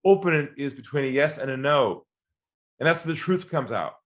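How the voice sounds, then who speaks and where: On an interview podcast, a man with a high-ish, animated voice talks at normal speed, using storytelling to teach sales and voicing both ends of phone calls.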